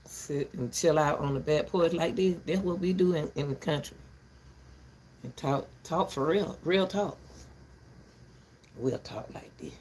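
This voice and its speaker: A woman's voice: sits low, measured pace, long pauses, darkish tone, a little hiss or hum. An older woman ranting casually to her viewers from her back porch, blunt and rambling, breaking into laughter often. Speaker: vlogger.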